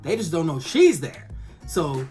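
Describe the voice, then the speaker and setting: Fired-up woman reviewer, slightly low voice, light music bed. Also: unhurried. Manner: animated, swears, acts out characters' lines. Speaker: TV episode reviewer. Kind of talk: casual spoken review.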